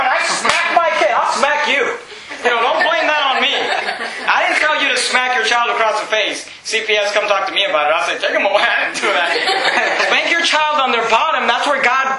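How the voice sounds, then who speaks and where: A man preaching a sermon as pastor, emphatic and often shouting, with chuckles between points. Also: very high voice, a little hiss or hum. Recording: roomy echo.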